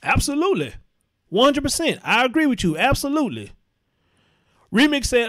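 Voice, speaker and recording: Host, male, high-pitched, blunt and profane live commentary, repeats lines for emphasis. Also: sing-song, a little fast, a bit bright.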